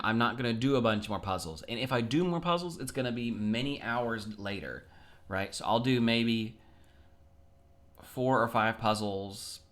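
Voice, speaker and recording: A male chess video creator with a low-ish voice thinks aloud while solving puzzles. He sounds relaxed and chatty, talking to himself in a plain, everyday tone like a casual video host.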